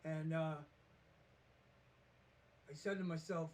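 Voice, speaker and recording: A man's voice: high voice, moderate pace, pauses often. A man casually telling a rambling story to the camera, acting out the quotes with a lot of feeling. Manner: rambling, animated, restarts and acts out quotes. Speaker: vlogger.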